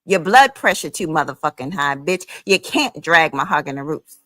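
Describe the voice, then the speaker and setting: Profane, confrontational woman with a bright, tense voice. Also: low-pitched, animated, moderate pace, no echo. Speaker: livestream host. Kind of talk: angry livestream rant.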